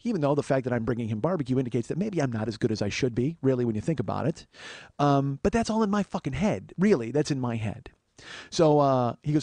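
A man's voice: expressive, quick pace, warm tone, no room sound. A man hosting his own podcast, telling a personal story and speaking earnestly to his listeners, with plenty of swearing. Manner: profane, earnest, confessional; acts out quoted voices in a higher pitch. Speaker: podcast host. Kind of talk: solo storytelling monologue.

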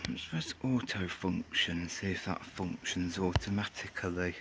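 A man's voice: deep voice, little pitch movement, unhurried, background noise. A man from England rambling through a casual outdoor shoe review, joking and swearing under his breath as he films on a cold day. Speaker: sneaker reviewer.

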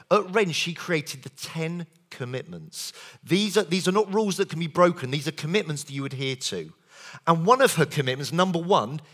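A man giving a lively conference keynote as a sales trainer, quizzing the audience with show-of-hands questions and quick jokes. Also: a little high, husky. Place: conference hall.

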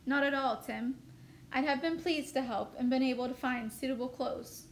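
A woman's voice: sits high, moderate pace, slight background noise. Woman reading a cocky older brother. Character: older brother, young man, proud and cocky. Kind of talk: reading a novel aloud.

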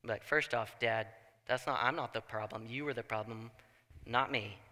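A young man preaching a sermon in a church, telling the story with animated asides and acting out people's thoughts. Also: medium pitch, normal speed. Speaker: pastor. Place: church sanctuary. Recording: long church hall reverb.

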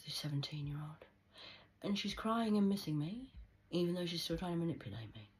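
Woman, very breathy and husky, vlogger rambling and whispering, sudden loud bursts, swears a lot. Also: fairly low pitch, expressive, a little fast, rough recording. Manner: drifts between hushed whispers and sudden loud outbursts; swears freely, conspiratorial tone. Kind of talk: rambling monologue to camera.

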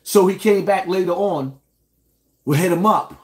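A man's voice: high voice, unhurried. A man ranting to his viewers in reaction commentary, emphatic and indignant, speaking straight to the audience.

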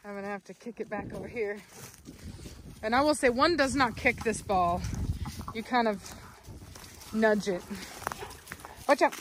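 A woman's voice: on the high side, takes it slowly, pauses often, fairly bright tone, slight background noise. A woman, filming a casual vlog outdoors as she plays with her dogs, laughing and calling commands to them.

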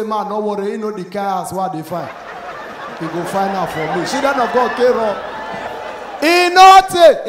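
A man with a Nigerian accent performing stand-up, acting out both sides of a story in Pidgin and rising to shouts at the punchlines. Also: high-pitched. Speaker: stand-up comedian. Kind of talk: stand-up comedy routine. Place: comedy club stage with a live audience. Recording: echoey live venue, faint crowd noise.

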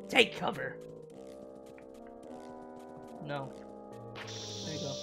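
A woman's voice: sits low, animated, a little slow, long pauses. Chatty woman playing a game. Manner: chatty, talks to herself, laughs at herself. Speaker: let's play streamer. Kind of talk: casual gameplay commentary. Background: game music.

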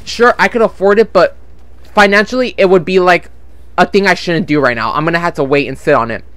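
A young gaming channel host talks at home through a desktop USB microphone while playing, rambling, frustrated and swearing often about his money troubles. His high voice is smooth and fairly bright, slightly fast, with no room sound.

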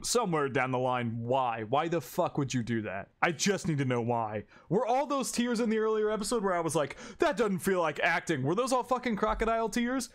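A man's voice: fairly high pitch, a bit bright. A man with a slightly raised voice talks through an anime as he watches it. He is openly exasperated, circles back on the same questions, and swears freely in a loose, unscripted reaction style. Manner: exasperated, repeats himself, swears often. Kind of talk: casual reaction commentary.

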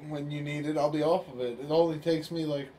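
A man's voice: a little high, steady tone, fast, mellow, a little hiss or hum. A man playing a tabletop game in a casual, sarcastic way. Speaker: player.

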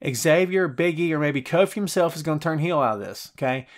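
A middle-aged man hosts a live show and talks straight to his viewers. His voice sits a little high, and he jokes, teases and gets animated as he reads out their comments. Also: fairly quick. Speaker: podcast host. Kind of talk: live wrestling preview show, reading chat.

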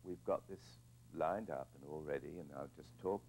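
A man's voice: extremely low pitch, normal speed, gravelly, darkish tone, slight background noise, low-quality recording. An older man, a film director being interviewed, telling reflective anecdotes with hesitant restarts and repeated words.

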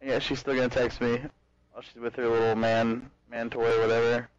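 A man's voice: mid-range voice, flat delivery, a little fast, smooth, muffled recording. A young man streaming a game, telling a long story in casual chat, full of "like" and swearing. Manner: rambling storyteller, heavy filler "like", swears freely. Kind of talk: casual chat while gaming.

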